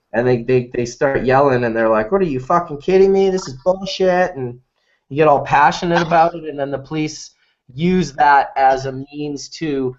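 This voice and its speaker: Laid-back man hosting, lo-fi call audio. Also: mid-range voice. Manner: laid-back, rambling, laughs easily. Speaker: host of a streamed cannabis talk show. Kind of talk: casual group chat.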